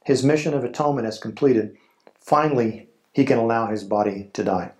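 A man preaching a sermon in a slow, solemn way, with dramatic pauses. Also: mid-range voice, a little mellow. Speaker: pastor.

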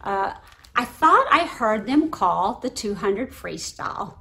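Woman pastor telling a lively story. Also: on the high side, slow pace. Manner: lively storytelling, acts out voices in quotes. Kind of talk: sermon with personal story.

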